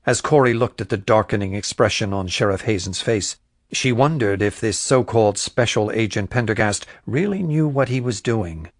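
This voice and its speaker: A man narrating a crime thriller audiobook in a measured, even storytelling voice. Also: lowish voice, no echo, clean studio sound. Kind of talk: scripted narration.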